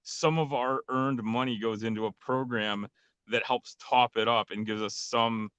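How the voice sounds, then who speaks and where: A male guest on a stream speaks with a bright, forward tone, and the recording is close and dry. He is blunt and wry and swears casually, at a middle pitch. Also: steady tone, unhurried, smooth, no room sound. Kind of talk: casual chat.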